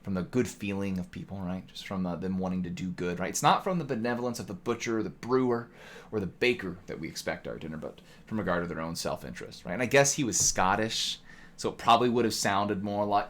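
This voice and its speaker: A man's voice: on the low side, lively intonation, a little fast, a bit bright. Streamer-style male lecturer, loose and chatty, fond of rhetorical "right?". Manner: talkative, rhetorical "right?" tags, mock voices. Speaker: streamer teaching economics. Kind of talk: casual lecture to live chat.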